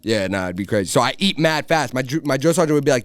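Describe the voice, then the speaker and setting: A young man, a podcast guest, telling a loose, animated story full of swearing and filler "like"s. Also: medium pitch, racing, hardly any pauses, dry recording. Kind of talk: casual storytelling.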